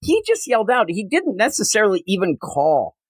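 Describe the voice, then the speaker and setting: A man co-hosting a comic book podcast, retelling scenes in casual chat and slipping into quick character voices. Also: sits high, huge pitch swings, no echo. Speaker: podcast co-host.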